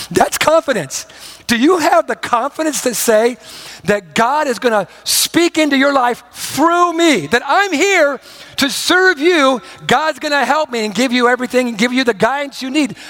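A pastor with a notably high voice preaches a sermon, pressing his points with emphasis. He moves from loud declarations to hushed, slow lines.

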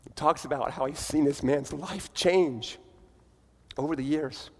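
A man's voice: fairly high pitch, measured pace, a little mellow. A man preaching a sermon as a pastor, telling a story earnestly and then urging listeners and leading a prayer, in a large church. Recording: long hall reverb.

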